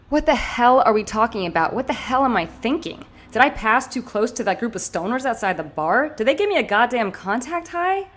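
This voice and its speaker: A woman's voice: mid-range voice, a bit bright. A woman author narrating her own audiobook in first person, tense and intimate, with anxious bursts. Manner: tense, intimate storytelling with sudden anxious outbursts.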